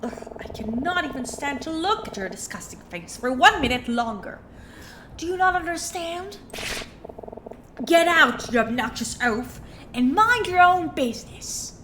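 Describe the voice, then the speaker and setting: Woman voicing a haughty socialite, breathy drawl, insults everyone, slightly stuffy with a cold. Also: high voice, big pitch swings, a little slow, noisy background, voice pushed up. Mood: scornful. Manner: breathy drawling impression of a famous actress; contemptuous, insulting. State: has a cold. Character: haughty wealthy woman, snooty and scornful.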